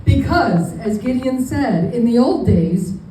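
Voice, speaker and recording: A woman's voice: on the high side, animated, slow pace, dark tone, a little hiss or hum. A woman in her fifties from New York City telling a rambling, self-deprecating stand-up story to a live audience. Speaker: comedian. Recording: echoey venue, mic far off.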